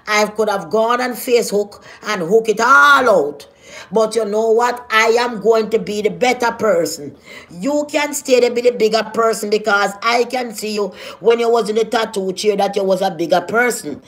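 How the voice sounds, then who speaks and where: A woman's voice: medium pitch, moderate pace, a bit bright. A woman with a Jamaican accent delivering a scolding, confrontational vlog rant full of rhetorical questions. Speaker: vlogger. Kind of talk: ranting vlog.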